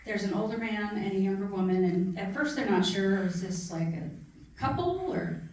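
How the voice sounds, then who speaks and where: A woman's voice: medium pitch, expressive, moderate pace, a little mellow. A middle-aged woman author talking about her new book at a library event, chatty and earnest, at times emotional. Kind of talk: casual book talk. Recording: echoey room from far off.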